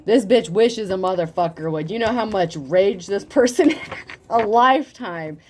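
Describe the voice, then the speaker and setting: Profane, animated woman tarot reader. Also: mid-range voice, moderate pace, soft background music. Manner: profane, animated, laughs often. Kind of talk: casual tarot reading monologue.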